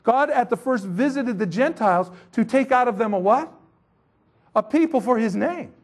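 A man teaching a Bible chapter in a casual, conversational sermon, with animated, slangy asides. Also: very high voice, normal speed.

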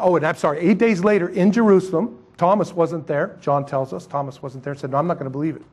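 A male pastor preaching a sermon, swinging between loud emphatic lines and quiet asides. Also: fairly high pitch.

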